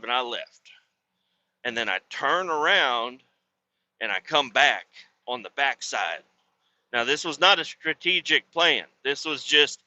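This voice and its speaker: A man's voice: medium pitch, bright, forceful tone, dull audio. A man hosting a podcast, telling a rambling, crude story in casual chat with lots of swearing. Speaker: podcast host.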